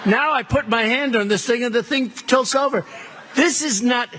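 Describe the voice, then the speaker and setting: A man with an extremely high-pitched, sharp voice speaks at normal speed as a political candidate at a rally. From the stage of the political event he gives an off-the-cuff speech into a podium microphone, rambling and repetitive, boasting and mocking his rivals.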